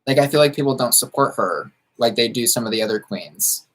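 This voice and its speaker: A man's voice: medium pitch, a little fast, fairly bright tone. A man from the United States, a drag queen chatting casually on a livestream and answering viewers while doing makeup, campy and sassy with drag slang.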